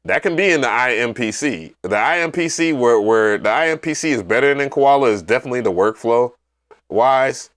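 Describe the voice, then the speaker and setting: A man hosting a casual livestream, telling stories in an animated, profane way with loud excited outbursts. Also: mid-range voice, a little fast. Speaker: livestream host.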